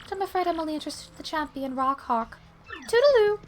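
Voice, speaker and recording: Lady doing a high coy little mouse thief, flirty and showy, pitch swoops around, game voice. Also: lively intonation, quick pace, slight background noise. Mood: flirtatious. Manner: coy, theatrical.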